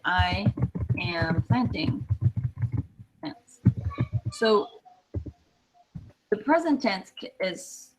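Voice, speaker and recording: A woman's voice: fairly low pitch, very noisy. A woman teaching a classroom lesson, explaining patiently step by step with many fillers. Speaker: Spanish teacher.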